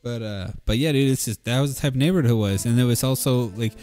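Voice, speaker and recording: A man hosting a casual podcast, telling a story in an animated way and acting out what others said. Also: medium pitch, faint music behind. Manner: animated, quick storyteller who acts out quotes. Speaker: podcast host.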